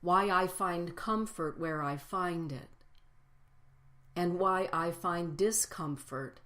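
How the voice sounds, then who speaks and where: A woman giving a personal spiritual talk to a congregation, speaking reflectively and building lists with slow, emphatic phrases. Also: on the low side, pushed and bright.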